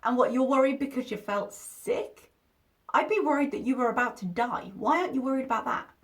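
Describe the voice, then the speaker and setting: A woman's voice: sits high, a little fast. A woman hosting a reaction video, commenting in a sarcastic, exasperated way and swearing freely.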